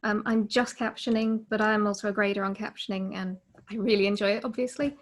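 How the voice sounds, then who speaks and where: A woman with an English accent introducing herself as a webinar panelist, speaking quickly with fillers over a video call. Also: medium pitch, fairly even intonation.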